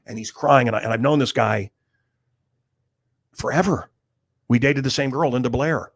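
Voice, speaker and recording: A man's voice: mid-range voice, moderate pace, breathy edge. Blunt, rambling middle-aged man. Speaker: radio host. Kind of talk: casual storytelling monologue.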